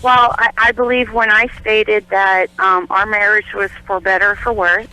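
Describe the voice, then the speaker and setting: A woman calling in to a radio show with the hiccups, talking in an apologetic, halting way full of restarts. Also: mid-range voice, fairly even intonation, bright, forceful tone, dry recording. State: has the hiccups. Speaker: caller. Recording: tinny phone line.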